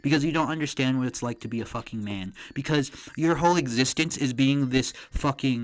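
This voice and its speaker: A man's voice: medium pitch, low-quality recording. A man streaming a reaction, ranting with heavy profanity and mocking the people he criticizes.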